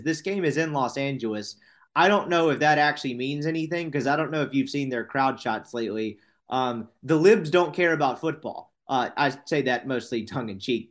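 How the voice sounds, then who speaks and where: A man's voice: mid-range voice, a bit bright. Guy doing football picks on a podcast, casual, tongue in cheek, corrects himself a lot. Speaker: podcast co-host making sports picks. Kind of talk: casual sports betting chat.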